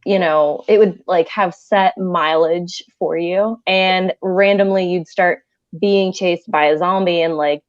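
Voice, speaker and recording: A woman coach in her twenties chats casually, full of "like" and "you know". Her voice is lowish and sounds dry, with a dull, lo-fi tone. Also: fairly even intonation, slow pace, no room sound. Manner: chatty, filler-heavy. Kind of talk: casual chat.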